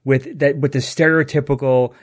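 A man's voice: medium pitch, fairly even intonation, moderate pace. A man co-hosting a casual podcast chat, thinking aloud with hesitant, repeated words. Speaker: podcast co-host.

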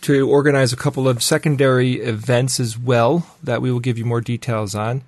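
A man's voice: medium pitch, level tone, a little fast, a little mellow, no echo, studio quality. A man co-hosting a podcast, chatting in a laid-back way and chuckling now and then. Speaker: podcast co-host. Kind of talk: casual chat.

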